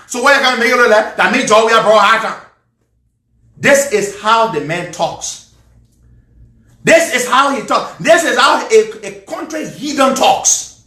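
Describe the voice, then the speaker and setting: A man's voice: very high voice, expressive, a little slow, pushed and bright, echoey room. A man with a Liberian accent, ranting and mocking in angry live political commentary.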